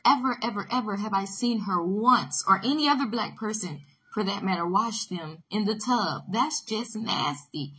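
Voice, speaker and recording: A woman's voice: a little high, bright, forceful tone, slightly rough. A woman vlogger delivering an emphatic, scolding opinion rant to camera, hammering her points home through repetition. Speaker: political commentary vlogger.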